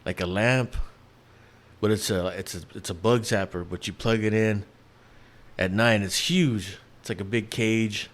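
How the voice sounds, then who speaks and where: With a lowish voice, fairly even intonation, and a measured pace, this podcast host talks on his own in a casual way. He's in his thirties and from New York, and he rambles, restarts, leans on fillers, and swears freely.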